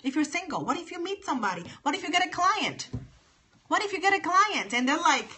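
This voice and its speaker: A woman's voice: extremely high pitch, big pitch swings, a little fast, pushed and bright. A woman chatting live with viewers on her phone, emphatic and sassy, repeating her points. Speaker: livestream host. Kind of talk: casual livestream chat with viewers.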